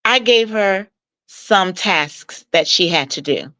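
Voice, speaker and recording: A woman who coaches married couples speaks as an interview guest, telling stories conversationally in a warm, persuasive, mentoring tone. She's animated, acting out quoted dialogue with leaps in pitch. She talks slowly, and the recording is dry, with a close sound.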